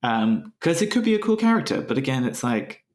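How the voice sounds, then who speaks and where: Podcast co-host: blunt, sarcastic man, mid-pitched, echoey room. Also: very animated, brisk. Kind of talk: casual chat.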